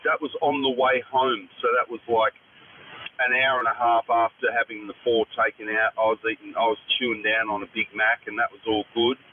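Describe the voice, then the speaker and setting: Man, middle pitch, halting storyteller, hissy radio. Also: flat delivery, narrow, tinny audio. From Australia. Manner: hesitant storyteller, many restarts. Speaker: radio operator. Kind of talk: casual radio chat. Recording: noisy radio transmission.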